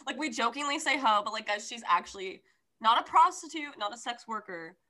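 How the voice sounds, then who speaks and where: A woman's voice: fairly high pitch, animated, a little fast, pushed and bright. A young woman chatting casually about a book, bubbly and gushing, with lots of filler words.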